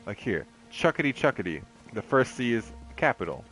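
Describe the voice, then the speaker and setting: A man's voice: medium pitch, very animated, normal speed, a bit bright. A young man casually commentating while he streams a game, rambling off on tangents in a laid-back, heavily profane way. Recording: game music playing behind the voice.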